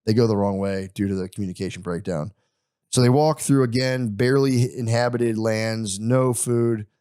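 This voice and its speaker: A man's voice: on the low side, normal speed, dark tone, clean tone, dry recording, clean studio sound. A young man hosting a podcast, casually retelling a history story with crude humor and voiced quotes.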